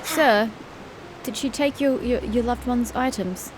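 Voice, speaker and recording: A woman's voice: a little high, a little slow, background noise. A young woman streaming a game, making sarcastic, grumbling asides as she plays. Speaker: gaming streamer. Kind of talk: let's play commentary.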